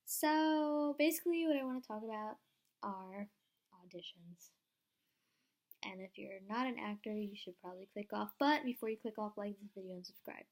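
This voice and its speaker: A young woman vlogging at home into a camera, hyped up and rambling, with many "like" fillers. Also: medium pitch. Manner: excitable, rambling, fast-talking with many "like" fillers. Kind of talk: hyped-up casual vlog.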